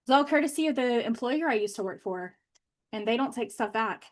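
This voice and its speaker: A bubbly woman talks casually to a live stream, her voice sitting a little high. She keeps the tone loose and chatty, tossing in plenty of fillers as she talks from her home office. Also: expressive, brisk. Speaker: manifestation coach.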